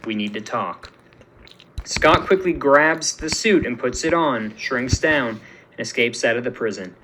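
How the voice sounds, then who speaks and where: Man, narrator, fan story reading, steady plain delivery, mid pitch. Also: a little slow, a little hiss or hum, low-quality recording.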